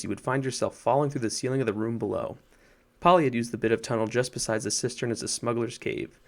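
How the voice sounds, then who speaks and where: A man narrating a storybook chapter in a measured, gently wry way. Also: mid-range voice.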